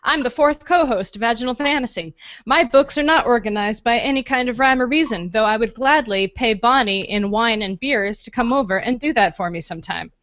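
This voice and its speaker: A woman's voice: on the high side, a little fast, fairly bright tone. A woman co-hosting a book club on a video call, playful and self-mocking. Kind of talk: casual video-call chat. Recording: dull lo-fi webcam call audio.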